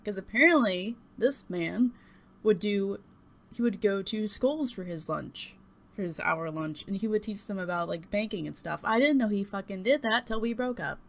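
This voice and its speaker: A woman's voice: medium pitch, lively intonation, normal speed, creaky. A young woman talking to her webcam at home, telling a personal story in a rambling, hesitant way, blunt and swearing at times. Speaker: vlogger. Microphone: desktop USB mic and webcam.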